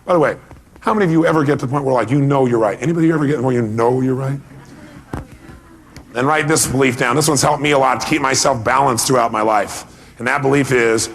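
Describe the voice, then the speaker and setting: Gravelly, husky-voiced male motivational speaker. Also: mid-range voice, fast. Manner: emphatic, fires rhetorical questions at the audience. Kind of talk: live seminar talk to an audience.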